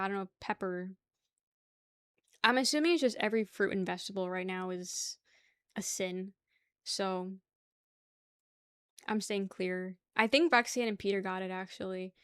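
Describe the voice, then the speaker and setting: A young woman hosts a livestream, chatting casually with viewers, rambling, laughing easily and swearing offhandedly. Her voice is fairly high, clear and resonant, with no room sound.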